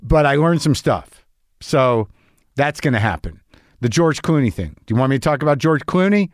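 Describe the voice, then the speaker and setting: A man's voice: mid-range voice, lively intonation, normal speed, dry recording, studio quality. A middle-aged man hosting a podcast, talking in a candid, rambling, self-deprecating monologue with a lot of profanity. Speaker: podcast host. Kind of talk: casual monologue.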